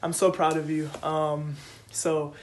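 A woman's voice: low-pitched, flat delivery, slow pace. A woman teammate sending a casual, playful then heartfelt video tribute from a hotel room. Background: music playing.

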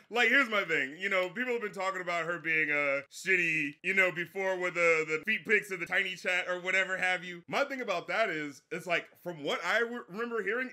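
A young man giving a casual, profane livestream rant as a music critic, slangy and animated, mocking people in quoted voices. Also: sits high, a little fast. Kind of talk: casual ranting commentary from a livestream.

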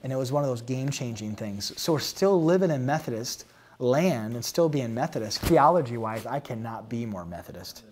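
A pastor in his thirties answering interview questions candidly, acting out past conversations with animated storytelling. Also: mid-range voice, brisk, a little hiss or hum. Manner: animated storytelling, acts out dialogue.

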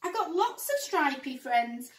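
A woman's voice: sits high, very animated, measured pace, slight background noise, pitched above the performer's own voice. A woman voicing an eager, cheerful male friend in a storybook, bouncy and full of ideas. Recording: roomy, distant mic.

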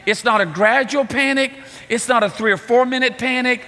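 Guy preaching, acts out the story, kinda high pitched, long reverb like a big church. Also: moderate pace. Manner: animated storytelling, acting out voices. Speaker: pastor. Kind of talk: sermon. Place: church sanctuary.

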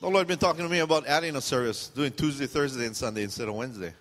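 A man's voice: medium pitch, racing, fairly bright tone, long reverb tail. A man preaching a sermon as pastor, casual and joking, acting out what his listeners are thinking. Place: church sanctuary.

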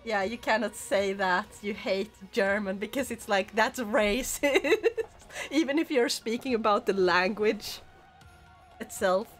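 A woman's voice: mid-range voice, measured pace, faint music behind. A woman streaming a video game, chatting casually with her viewers and giggling often. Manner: giggly and chatty, reacting to chat. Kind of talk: casual livestream chat while playing.

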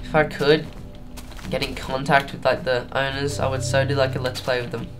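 A young man plays a video game and gives casual, rambling let's-play commentary, unhurried and thinking aloud. His medium-pitched voice is flat in delivery and sits over music.

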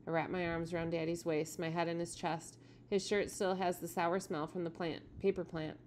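A woman with a lowish voice reads a children's novel aloud to her students. Her delivery is steady and plain, a teacher's storytelling, with a little faint noise underneath. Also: moderate pace.

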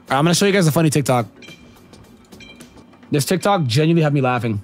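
A man's voice: a little high, animated, fast, pauses often, darkish tone, soft background music. A man streaming a game and chatting with viewers, slangy and profane and laughing often. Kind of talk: casual livestream chat with viewers.

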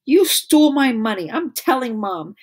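A woman's voice: on the low side, takes it slowly. Bossy older girl, scolding, tattling, storybook read-aloud, a woman putting her on.

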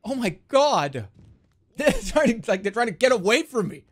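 Brief: male streamer, high and bouncy voice, excitable and swearing, casual game commentary. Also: moderate pace, a little hiss or hum. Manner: excitable, laughs often, swears.

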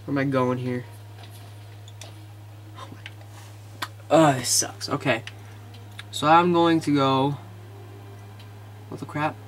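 A man casually commentating his video game, excitable and easily frustrated, muttering to himself. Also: medium pitch, takes it slowly, long pauses, a little hiss or hum. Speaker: gamer.

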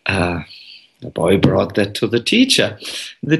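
A man giving a devotional talk as a monk, telling a story in an unhurried, gentle way with many pauses. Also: fairly low pitch, wildly swooping pitch, vocal fry.

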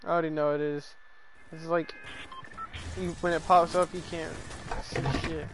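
A man's voice: on the high side, little pitch movement, normal speed, a bit bright, a little hiss or hum, low-quality recording. A young man streaming a video game, trash-talking and joking with friends over voice chat. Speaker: gaming channel streamer. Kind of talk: casual gaming chat.

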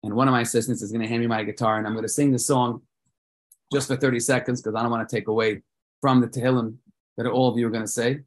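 A man hosting a children's prayer event, telling a story with dramatic swings between loud and soft. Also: mid-range voice, flat delivery, fast. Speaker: host leading children in prayer.

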